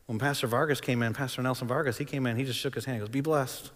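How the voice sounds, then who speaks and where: Male pastor, mid-range voice, dramatic sermon storytelling with hushed dips, long hall reverb. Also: medium pitch, steady tone, very fast. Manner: dramatic, swings between loud and hushed.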